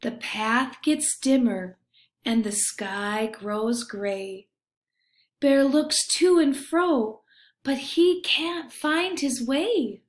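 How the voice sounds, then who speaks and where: Woman, storybook reader, very slow and expressive, slightly high voice, roomy echo. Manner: gentle, expressive reading with hushed refrains. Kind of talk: reading a children's picture book aloud.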